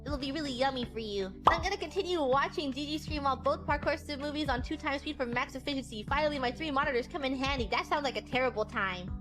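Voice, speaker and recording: A woman's voice: high voice, fast, hardly any pauses, music in the background. A woman streamer chatting casually, rambling and giggling often. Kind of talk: casual chat.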